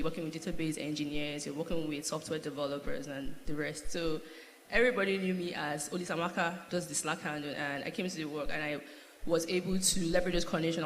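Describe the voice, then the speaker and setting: A woman from Nigeria speaking on a conference panel, telling candid stories about her career and laughing as she goes. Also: sits low. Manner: candid, animated storytelling with laughs. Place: large conference hall. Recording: echoey hall, faint noise.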